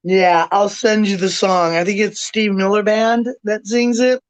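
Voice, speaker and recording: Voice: medium pitch, steady tone, measured pace, clean tone, no echo. A co-host in casual chat, supportive and joking, bringing up a song. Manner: chatty, supportive, jokes about a song.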